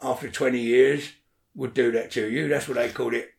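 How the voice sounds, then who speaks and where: Bloke, gravelly voice, blunt and sweary, keeps asking do you get me, echoey room. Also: male voice, mid-range voice, fairly even intonation, brisk, darkish tone. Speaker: interview guest. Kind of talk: casual interview chat.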